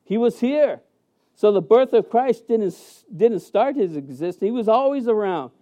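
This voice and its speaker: A man preaching a sermon as pastor in a church sanctuary, emphatic and animated, with many fillers and restarts. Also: high-pitched, normal speed, narrow, tinny audio.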